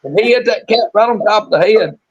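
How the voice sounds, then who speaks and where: A man's voice: high voice, a little fast, husky. A man telling a folksy yarn in casual talk, drawling and restarting his sentences. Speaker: storyteller on a live show. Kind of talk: casual storytelling. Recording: muffled lo-fi stream audio.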